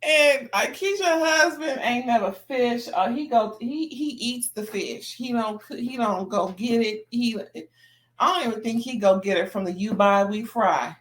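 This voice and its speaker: Speaking a little slowly in a slightly high voice, a woman chats about a reality TV episode she's recapping. Her commentary is relaxed, full of gossip and slang, and punctuated often by laughter.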